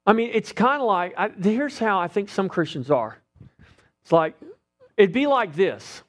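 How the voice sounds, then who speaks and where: A man's voice: high voice, sing-song, measured pace, a bit bright. A middle-aged man preaching a sermon as pastor, talking conversationally and asking the congregation rhetorical questions.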